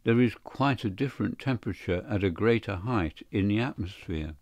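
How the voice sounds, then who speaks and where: A man voicing an earnest married man in an audiobook, speaking hastily in a low voice. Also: animated, normal speed, a little mellow, no room sound. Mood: explaining. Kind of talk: audiobook character reading.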